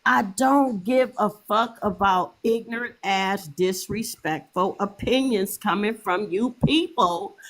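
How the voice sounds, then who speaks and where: A woman's voice: medium pitch, slow pace, few pauses. A middle-aged woman hosting a livestream, ranting in a heated, profane, repetitive way. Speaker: livestream host. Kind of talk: angry livestream rant.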